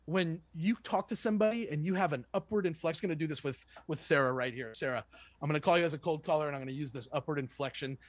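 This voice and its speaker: Energetic man teaching sales calls. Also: a little high, fast talker, no room sound. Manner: energetic, conversational, acts out phone calls. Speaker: sales trainer. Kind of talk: casual instructional talk with role-played calls.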